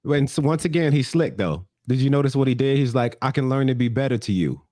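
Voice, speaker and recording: A man co-hosting a podcast in casual banter, blunt and slangy with plenty of swearing. His pitch swings animatedly. The recording is dry and close. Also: lively intonation, quick pace, warm tone, no echo. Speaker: podcast co-host. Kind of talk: casual chat.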